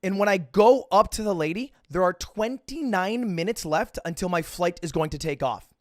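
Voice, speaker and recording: Higher-voiced man telling a rambling story. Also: expressive, normal speed, dry recording, clean studio sound. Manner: rambling, self-mocking, profane, with many restarts. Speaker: streamer. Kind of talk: casual storytelling to stream chat.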